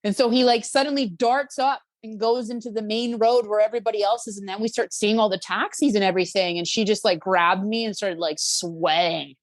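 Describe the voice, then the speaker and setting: A woman's voice: medium pitch, fairly quick, hardly any pauses, no room sound. A woman telling a travel story in casual podcast chat, acting out quotes with lots of fillers. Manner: animated, acts out quotes with fillers. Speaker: podcast guest.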